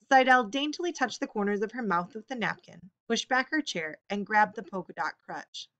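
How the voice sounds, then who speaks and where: A woman reading an audiobook, telling the story in a steady, expressive way. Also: mid-range voice, normal speed, highs cut off. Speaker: audiobook reader. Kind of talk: audiobook narration.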